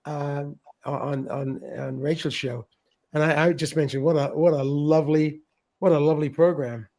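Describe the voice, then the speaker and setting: A middle-aged man hosts a relaxed livestream, greeting viewers by name and reading their comments. His voice sits a little high for a man. He chuckles a lot and stumbles over words as he goes. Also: normal speed. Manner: chatty, laughs often, stumbles and repeats words. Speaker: livestream host.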